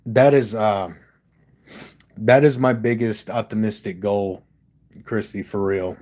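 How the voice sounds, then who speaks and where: A man's voice: fairly low pitch, fairly even intonation, slow pace, a little mellow. A man from Delaware hosting a casual livestream, talking candidly and with lots of swearing about his music into a studio microphone. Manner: candid, profane, emphatic. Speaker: livestream host and rapper.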